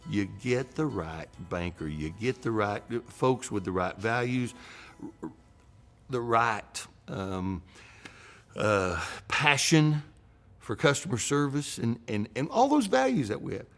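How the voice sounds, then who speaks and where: A middle-aged man, a banker telling a story in an animated way. He acts out the dialogue and often restarts his words. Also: mid-range voice, slow pace, soft background music. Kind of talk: storytelling talk.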